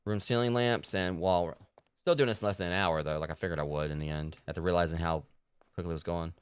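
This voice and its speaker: A man with a low-sitting, resonant, clear voice keeps a steady tone and talks fast while streaming a video game. His casual commentary rambles, packed with filler words and restarts. The recording is dry.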